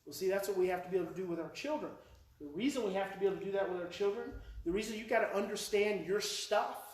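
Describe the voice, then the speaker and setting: A man in his forties with an Oklahoma accent gives a live parenting workshop, telling stories with emotion and repeating his key points. His voice sits high for a man. The roomy hall and the distance to the mic leave his speech echoey and a bit remote over a faint hiss. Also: fast. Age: 40s. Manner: animated, emotional storytelling with repeated phrases. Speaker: parenting educator and presenter. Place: presentation hall before a live audience.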